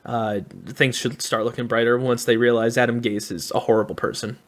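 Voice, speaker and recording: A man's voice: mid-range voice, flat delivery, fairly quick. A man co-hosting a sports podcast, giving enthusiastic opinions in a casual, upbeat way. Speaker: podcast co-host.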